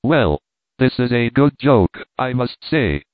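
A man's voice: mid-range voice, very animated, slow, dry recording. A man voicing a cheerful, teasing French reporter, heard over a tinny, dry, phone-like recording. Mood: jovial.

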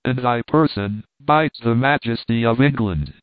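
A man's voice: mid-range voice, measured pace, dry recording, lightly acted. A man voicing a loyal earl who answers his king in a formal, reverent way. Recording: dry tinny phone-like sound.

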